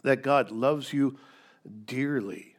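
A male pastor delivers a sermon in an emphatic way. He leans on rhetorical questions and repeats key words, with a voice of ordinary middle pitch for a man. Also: slow. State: coughing, dry throat.

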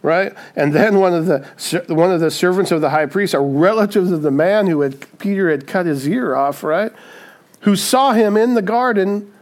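A man's voice: high-pitched, normal speed. A man preaching a sermon, often asking "right?" and acting out the people he quotes. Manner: acts out quoted voices, frequent "right?". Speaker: pastor.

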